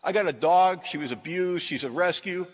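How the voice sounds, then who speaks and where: A middle-aged man giving a recovery talk to a large audience, telling self-deprecating stories with punchy one-liners and shifting from loud jokes to quiet earnestness. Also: high voice, moderate pace. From Washington, USA. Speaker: AA convention speaker.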